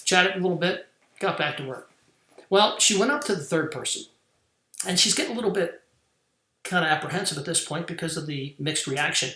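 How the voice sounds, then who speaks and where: A man's voice: a little high, bright, forceful tone. A man hosting a podcast, giving an earnest motivational business talk. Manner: earnest, preaching, deliberate. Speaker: podcast host. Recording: roomy echo.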